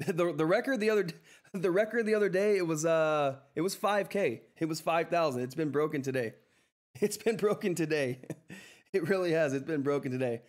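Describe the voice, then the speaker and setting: A man with a slightly high voice hosts a live stock trading stream, giving market commentary and chatting as he walks through price charts. He's excitable and effusive, repeats himself, and keeps saying "all right?"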